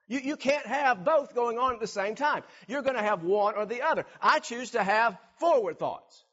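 A man preaching a sermon, animated, acting out everyday scenes and repeating words for emphasis. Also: very high-pitched, moderate pace, dull audio. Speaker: pastor.

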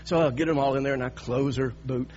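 A man in his sixties preaching, telling a personal story with lively, halting restarts. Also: medium pitch, dull audio, slight background noise. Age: 60s. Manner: animated storytelling with repeated restarts.

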